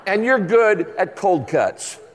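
A man in his sixties delivers a sermon in a relaxed, joking storyteller's manner. His voice sits a little high for a man. The sound carries the long reverb of a large church hall. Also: takes it slowly, a faint crowd, a little hiss or hum. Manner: conversational, humorous storytelling preacher. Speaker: pastor.

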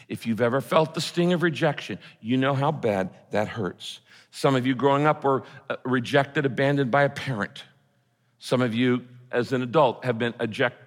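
A male pastor delivers an earnest sermon, his voice sitting at an ordinary middle pitch. He climbs to loud cries and sinks to hushed, quiet quotes. A long reverb trails each phrase, as in a large hall.

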